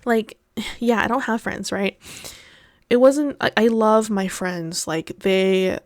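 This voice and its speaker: A woman's voice: mid-range voice, slow pace, dry recording, clean studio sound. A young adult woman hosting her podcast, talking in a candid, rambling and tangential personal monologue. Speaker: podcast host.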